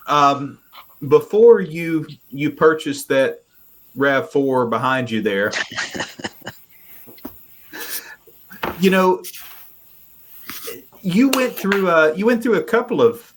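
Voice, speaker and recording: A man's voice: a little high, a little hiss or hum. A man hosting a casual podcast interview, asking guests questions with hesitant fillers. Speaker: podcast host.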